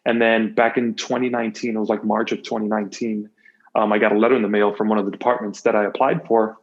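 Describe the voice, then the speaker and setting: Low-voiced man telling his story earnestly. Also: little pitch movement, quick pace. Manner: earnest, reflective, opens up freely. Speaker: podcast guest. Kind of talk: candid personal storytelling. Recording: slightly dull, muffled audio.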